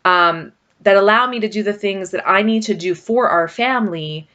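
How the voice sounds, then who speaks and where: A woman's voice: mid-range voice, normal speed, fairly bright tone, highs cut off. A middle-aged woman vlogger talking casually and rambling about her marriage, with frequent fillers. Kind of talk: casual personal talk to camera.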